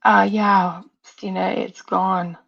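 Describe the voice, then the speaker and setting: Slow, gravelly-voiced outspoken woman host. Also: medium pitch, little pitch movement, fairly bright tone, lo-fi sound. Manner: blunt, outspoken. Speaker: livestream host. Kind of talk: casual livestream chat.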